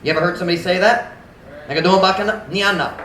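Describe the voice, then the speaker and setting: A man's voice: sits high, a little hiss or hum. A man preaching a sermon as pastor, switching between languages, stopping to check words with the congregation and building to emphatic questions. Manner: mixes English and Cebuano, often pauses to ask about words; rises to forceful emphatic questions. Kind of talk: bilingual sermon. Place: church. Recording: echoey church hall.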